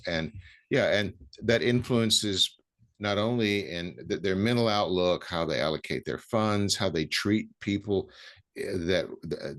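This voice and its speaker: A man hosting an interview, talking in a halting way with many ums and restarts, then landing his points with emphasis. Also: low-pitched, a bit bright. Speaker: podcast host. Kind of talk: conversational interview.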